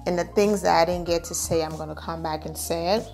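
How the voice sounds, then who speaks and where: Lady chatting through a tv episode recap, casual and slangy, soft music in the back. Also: on the low side, steady tone, fairly quick. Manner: chatty, slangy, repeats herself. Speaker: TV show reviewer.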